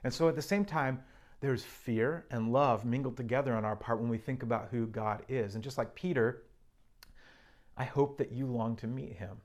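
A man's voice: mid-range voice, normal speed. A man preaching a sermon, earnestly reading and explaining scripture with emphasis.

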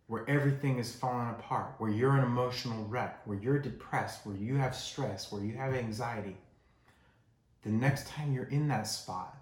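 Male pastor, mid-pitched, chatty sermon delivery, reverberant sanctuary. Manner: conversational, acts out quoted voices. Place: church sanctuary.

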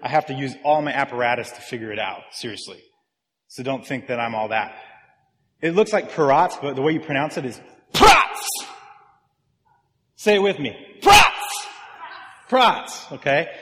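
A man's voice: mid-range voice, animated, brisk. A man, a pastor, giving a sermon in a conversational style and talking directly with his congregation. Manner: conversational preaching that engages the congregation. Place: church. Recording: long reverb of a large church hall.

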